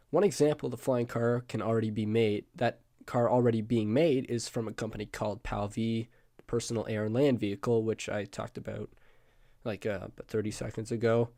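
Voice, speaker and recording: A man who is sick and hoarse gives a casual presentation on screen. He rambles, adds asides and keeps correcting himself. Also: on the low side, steady tone, normal speed, a little mellow, no room sound, clean studio sound. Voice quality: croaky. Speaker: student presenter.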